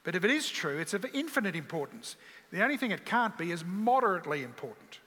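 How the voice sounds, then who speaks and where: A man's voice: sits high, very animated, fast, pushed and bright. A man preaching a sermon, earnest and full of rhetorical questions. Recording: long hall reverb.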